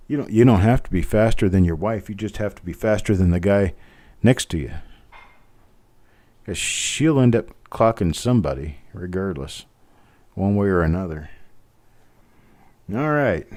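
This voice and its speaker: Low, mellow-voiced man calling auction bids. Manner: joking, patient, repeats bids in a steady calling rhythm. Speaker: auctioneer host. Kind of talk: live online coin auction, chatty.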